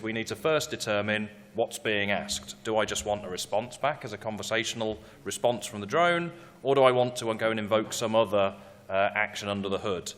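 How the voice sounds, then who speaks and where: A man's voice: fairly low pitch, a bit bright, long reverb tail. A man giving a technical conference talk, explaining step by step with occasional fillers. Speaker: tech presenter.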